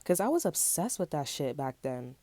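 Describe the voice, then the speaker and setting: A woman's voice: deep voice, sing-song, normal speed, dark tone, no echo. A woman giving a casual tarot reading, talking in a loose, rambling way full of slang and swearing. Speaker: tarot reader.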